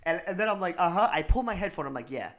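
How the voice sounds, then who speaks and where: A man's voice: sits high, expressive, fairly bright tone. A young man co-hosting a casual podcast, ranting and swearing with frequent laughter. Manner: fast, laughs often, swears, rants. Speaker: podcast co-host. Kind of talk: casual chat.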